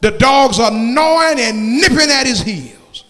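A man preaching a sermon, calling out to the congregation and swinging from shouts down to hushed tones. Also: very high-pitched, expressive, measured pace. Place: church sanctuary. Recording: church hall reverb.

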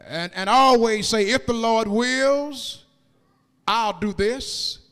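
A man preaching a sermon in a church, moving into sung, rising cadences and shouted peaks, and drawing out key words slowly. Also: very high voice, clear, resonant tone. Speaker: pastor. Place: church sanctuary. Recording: long reverb of a large hall.

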